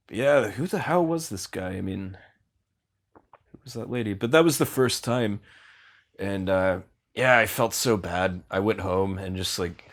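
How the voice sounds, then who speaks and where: Low-voiced man telling a rambling story. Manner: rambling, filler-heavy, profane. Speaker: podcast guest. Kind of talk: casual storytelling in an interview.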